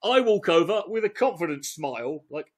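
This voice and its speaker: Animated sweary comedy host. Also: male voice, high voice, moderate pace. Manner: mocking, sweary, animated commentary. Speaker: comedy host reading a skit. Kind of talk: comedic sketch read-through with commentary.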